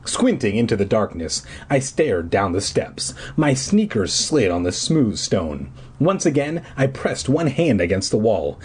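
A man's voice: lowish voice, big pitch swings, unhurried, few pauses, darkish tone, slightly rough. A man casually reading a children's scary book aloud, breaking off for crude jokey asides.

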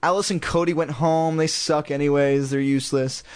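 A man's voice: on the high side, steady tone, moderate pace, clear, resonant tone, dry recording, lightly acted. Man doing a sulky jealous girl.

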